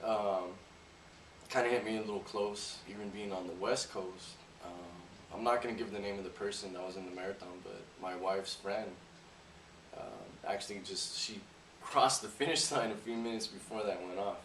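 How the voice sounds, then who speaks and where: A man's voice: on the low side, steady tone, a little fast, a bit bright. Easygoing man in an echoey room. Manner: easygoing, talks while eating. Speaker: show host. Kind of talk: casual news chat. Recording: echoey room, far from the mic, faint noise.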